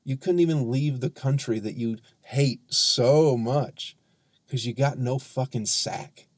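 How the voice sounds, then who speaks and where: A man's voice: medium pitch, slow pace, dry recording. A man hosts his own comedy podcast in a heated, profane rant. He stretches out words for sarcastic emphasis, and his mid-range voice sits on a dry, close microphone with no room sound. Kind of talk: ranting solo podcast monologue.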